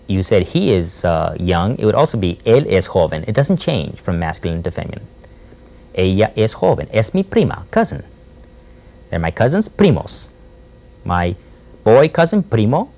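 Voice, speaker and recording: A man leads a Spanish lesson, slowly repeating each phrase for the class to echo. His voice has a gravelly, creaky edge. His pitch swings widely between low asides and high, emphatic prompts. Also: a little mellow. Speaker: Spanish teacher.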